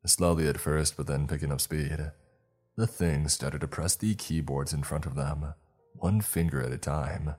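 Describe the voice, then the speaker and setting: Very deep, husky male storyteller. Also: a little mellow. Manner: measured storytelling, first-person narrator. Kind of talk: scripted narration of a horror story.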